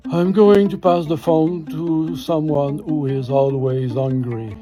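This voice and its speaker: A man's voice: fairly high pitch, steady tone, takes it slowly, mellow, faint music behind. A man in a short company social media clip, cheerfully announcing an office game. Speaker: company staffer in a promo clip.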